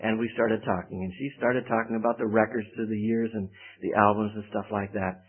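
A man's voice: fairly low pitch, steady tone, brisk. A man preaching, telling a folksy personal story before reading scripture. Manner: folksy storytelling, acts out quoted voices. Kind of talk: sermon with personal anecdote. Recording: tinny phone-like band.

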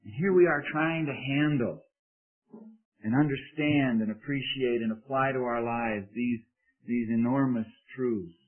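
A man's voice: mid-range voice, unhurried. A man preaching a sermon in an earnest, humble way, reading scripture with strong emphasis. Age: adult parent. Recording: tinny phone-like sound.

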